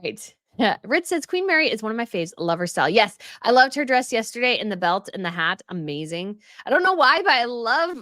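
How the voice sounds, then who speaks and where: Young woman hosting a home livestream, chatty, reads out viewer comments, animated pitch, dry close sound. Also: brisk, no room sound. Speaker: royal news livestream host. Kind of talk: casual livestream chat reading comments. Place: home setup.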